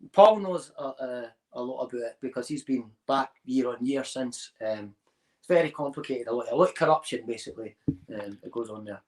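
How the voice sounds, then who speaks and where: A man's voice: mid-range voice, lively intonation, brisk, darkish tone, rough recording. A man with a Scottish accent, a podcast guest rambling through anecdotes with Scots slang in casual chat. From Scotland.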